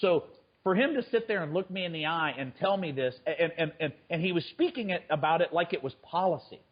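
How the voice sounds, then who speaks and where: Man, trader guest, husky, stammering restarts, muffled lo-fi sound. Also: fairly high pitch, a little fast. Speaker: guest, fund manager and trader. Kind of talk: conversational interview.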